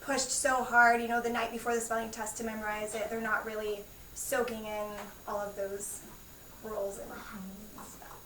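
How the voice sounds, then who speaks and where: A woman's voice: a little high, level tone, moderate pace. A woman first grade teacher explaining spelling and phonics to parents, giving friendly examples. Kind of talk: explaining to parents at a school meeting. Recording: echoey room, far from the mic, faint noise.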